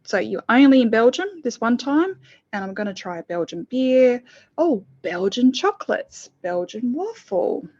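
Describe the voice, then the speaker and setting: A lively middle-aged woman talks through a personal story in a relaxed interview. She slips into acted quotes from her past self. The sound is slightly muffled. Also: fairly high pitch, measured pace. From lived in the UK. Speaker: podcast co-host, guest. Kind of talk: casual interview chat.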